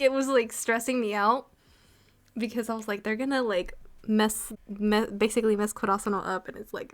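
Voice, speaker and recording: A young woman co-hosting an anime review, chatting casually and excitedly with many fillers. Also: on the high side, brisk. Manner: excited, swearing, filler-heavy fan talk. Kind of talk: casual chat.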